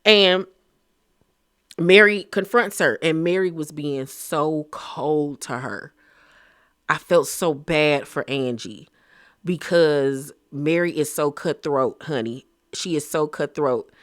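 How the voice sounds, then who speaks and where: A man giving a casual, gossipy recap of a reality TV episode, talking in an animated, slang-filled way. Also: on the high side, slow pace, no room sound, studio quality.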